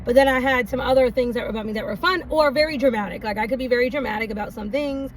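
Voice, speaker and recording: High-voiced woman rambling through a laughing story. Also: very fast. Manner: laughs often, rambling with many fillers. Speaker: vlogger. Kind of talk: casual storytime monologue. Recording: distant mic, faint background noise.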